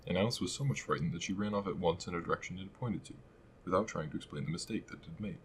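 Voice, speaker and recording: Male audiobook narrator, very deep, measured, storybook reading. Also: slight background noise, low-quality recording. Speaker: audiobook reader.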